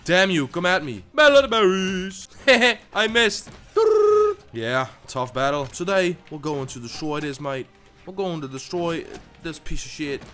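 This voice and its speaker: Male gaming YouTuber, bright voice, volatile: shouts, stammers, mutters, over faint game music. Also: a little slow. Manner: excitable, swings from loud outbursts to low muttering; swears, stammers and repeats himself. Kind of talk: live gameplay commentary.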